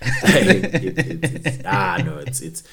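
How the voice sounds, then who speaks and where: A young man, chatting casually and telling animated stories with frequent laughs and restarts. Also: high voice, takes it slowly, creaky. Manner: animated storyteller, laughs often, many restarts. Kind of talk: casual chat.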